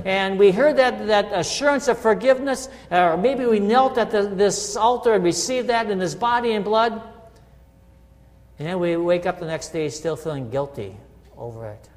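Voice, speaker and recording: A man's voice: high-pitched, lively intonation, normal speed, in a large hall. A middle-aged man preaching a conversational sermon as a pastor, often checking in with his listeners. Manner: conversational, asks listeners "right?". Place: church sanctuary.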